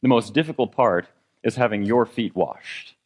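Man preaching a conversational sermon. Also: moderate pace. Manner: conversational preaching with congregation questions; fillers and restarts, dynamic pitch and volume. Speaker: pastor.

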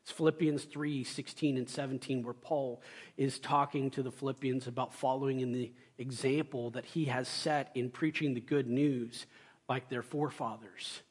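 A young adult male pastor giving a sermon, telling stories with loud excited bursts and quiet asides. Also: medium pitch, normal speed, husky.

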